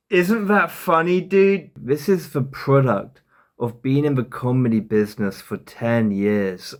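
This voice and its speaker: A man delivering sarcastic, mocking commentary on a podcast clip for a comedy video. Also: mid-range voice. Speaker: commentary YouTuber.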